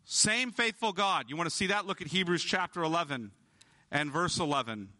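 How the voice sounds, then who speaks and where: A male pastor preaching an emphatic sermon, slowing down to stress key words. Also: a little high, expressive, pushed and bright.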